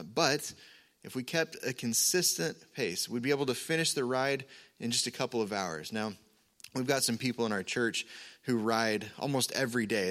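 A man preaching a sermon as pastor, earnest and measured, with an occasional filler. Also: mid-range voice, a bit bright.

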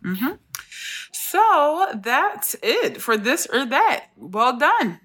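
A woman's voice: high voice, drawn-out words. A woman hosting a podcast, chatting casually and retelling stories with lots of laughter. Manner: laughing storyteller, animated retelling. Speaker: podcast host. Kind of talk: casual chat.

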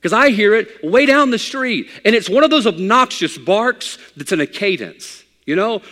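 A man with a high voice delivers a sermon with a conversational, joking manner, like a pastor talking straight to his congregation. His words trail off into a long hall reverb. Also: expressive, normal speed, hardly any pauses, pushed and bright. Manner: conversational preaching with folksy humor.

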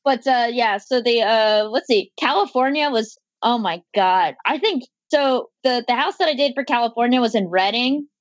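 A young woman chatting casually as a podcast guest, full of fillers, restarts and quick asides. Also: fairly high pitch, no room sound, dull audio. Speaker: podcast guest, architecture blogger. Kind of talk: casual interview chat.

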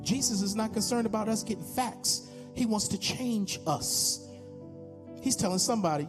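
Music runs in the background as an American pastor in his fifties preaches at a moderate pace, his voice sitting high. Standing in a church sanctuary, he makes an altar call, repeating his earnest appeals in impassioned exhortation.

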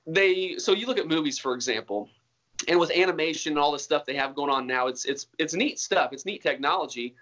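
A man's voice: a little high, fairly bright tone, dull audio. A man being interviewed about hunting, talking in an earnest, rambling way with many restarts. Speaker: hunter guest. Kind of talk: casual interview talk.

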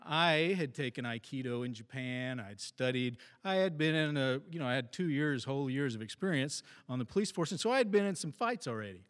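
A former police officer telling a wry, self-deprecating story about a fight on the job. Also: male voice, mid-range voice, animated, a little fast, hardly any pauses, fairly bright tone, in a large hall. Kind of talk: first-person storytelling.

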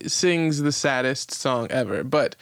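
Chatty man with a smooth voice. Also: medium pitch, lively intonation, measured pace, a bit bright. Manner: rambling storyteller, many fillers, cursing. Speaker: podcast co-host. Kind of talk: casual chat. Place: podcast recording setup.

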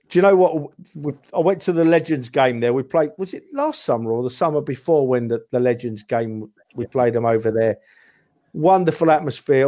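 A man, a podcast guest telling football stories in lively casual chat and saying "mate" a lot. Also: mid-range voice. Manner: animated storyteller, says "mate" and "right?" often.

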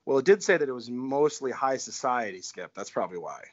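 A man's voice: mid-range voice, animated, fairly quick. A male podcast host chatting casually and laughing, rambling with enthusiasm. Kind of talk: casual chat. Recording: dull lo-fi recording.

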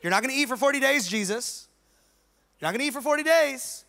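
A man's voice: very high voice, animated, fast, gravelly, pushed and bright, voice pushed up, exaggerated voice. A man voicing God the Father as a breezy, matter-of-fact planner in a comic sermon bit. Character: breezy male God the Father laying out plans.

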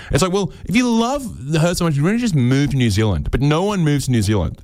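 A man's voice: on the high side, quick pace, hardly any pauses, no echo. Sarcastic man riffing. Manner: sarcastic, animated, swears freely. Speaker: comedy podcast host. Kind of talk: rambling comedic monologue.

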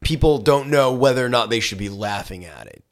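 A man chatting casually about a film, chiming in with relaxed agreement. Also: mid-range voice, brisk. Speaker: podcast co-host.

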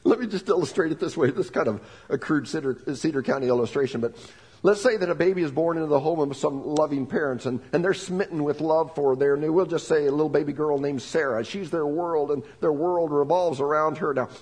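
A male pastor delivering a sermon in a conversational, emphatic way. His voice is a touch high for a man and slightly husky. He drops to soft, near-whispered lines, then lifts into loud, excited ones. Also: brisk.

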